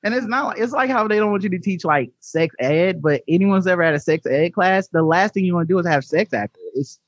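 Higher-voiced man on a lo-fi mic. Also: animated, a little fast, no echo. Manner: riffing, mimics voices, swears freely. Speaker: podcast host. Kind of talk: casual comedic chat.

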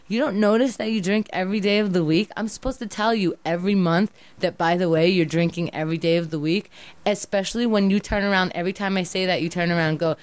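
A woman's voice: medium pitch, dry recording. A woman arguing with her boyfriend in a heated back-and-forth, exasperated and sometimes mocking. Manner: exasperated, rapid-fire, mocking impressions. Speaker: girlfriend in a couple's argument. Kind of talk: heated couple argument.

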